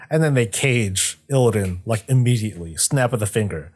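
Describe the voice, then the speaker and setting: A young streamer, lowish and darkish in tone, chats about game lore on a livestream, retelling a story with rambling jokes and frequent swearing. He acts out characters in quick asides along the way.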